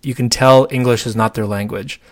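A man co-hosting a casual chat, animated and talkative, acting out quoted voices in his stories. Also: medium pitch, a little fast, no room sound, clean studio sound. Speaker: podcast co-host.

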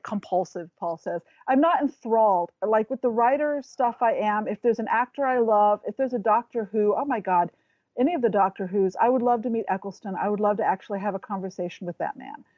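A woman's voice: a little high, a little mellow, no echo, lo-fi sound. Woman guest chatting away, rambly, very dry close sound. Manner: chatty, rambling, restarts when searching for words. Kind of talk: casual chat.

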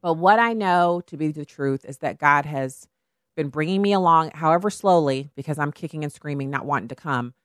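A woman hosting a talk radio show, speaking in an animated way and mimicking other people in quoted asides. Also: sits low, dry recording, studio quality. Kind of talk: conservative talk radio commentary.

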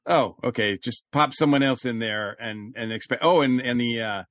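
A man chatting casually on a review podcast, rambling and restarting his sentences. His voice sits at an ordinary middle pitch. The sound is dry and close, with no room around it. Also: normal speed, fairly bright tone, no room sound. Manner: rambling, many fillers and restarts. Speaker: podcast co-host.

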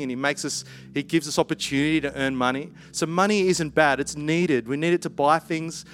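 A man preaching a conversational sermon, animated and playful, with lively asides. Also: fairly high pitch.

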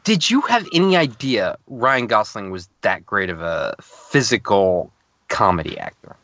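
A man's voice: lowish voice, expressive, unhurried, fairly bright tone, lo-fi sound. A man hosting a podcast in casual chat, stalling over many "uh"s as he sets up a bit. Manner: hesitant, setting things up with many "uh"s. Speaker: podcast host.

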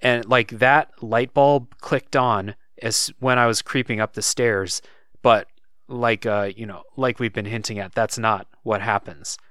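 A man's voice: fairly low pitch, measured pace, clean tone, no echo, clean studio sound. A man in casual podcast chat, recounting a game's story with lots of fillers and restarts. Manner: relaxed, thinks aloud with many fillers. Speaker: podcast co-host.

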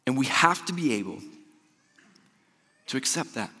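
A young man preaching a sermon, telling stories with animated energy, then dropping to a soft, slow hush for scripture. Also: mid-range voice. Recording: long hall reverb.

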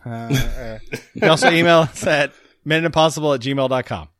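A man's voice: medium pitch, brisk, fairly bright tone, no room sound. A man hosting a casual comedy podcast, joking and laughing often. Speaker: podcast host.

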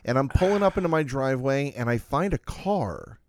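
A man's voice: mid-range voice, lively intonation, fairly quick, darkish tone, dry recording. A man hosting a podcast from home, talking in a chatty, rambling way as he tells a story. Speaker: podcast host. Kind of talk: casual podcast chat.

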